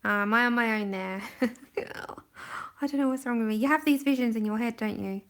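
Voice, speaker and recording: A fairly high, slightly bright voice comes from a young woman colouring on a livestream. She talks a little fast, chatting and giggling into a camera positioned close to her face.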